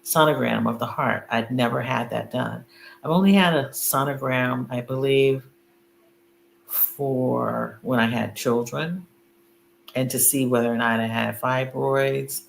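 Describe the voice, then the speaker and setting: A woman's voice: extremely low pitch, steady tone, a little slow, creaky. A middle-aged woman chatting casually on a video call, telling a story with lots of fillers and laughter. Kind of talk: casual chat. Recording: echoey room with faint hum.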